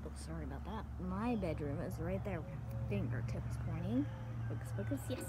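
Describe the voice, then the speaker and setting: A woman gives a casual, excitable home-tour vlog, chatting to her dogs and giggling often. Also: lowish voice, moderate pace, very noisy. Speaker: vlogger giving a home tour. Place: rural home, filming out the windows.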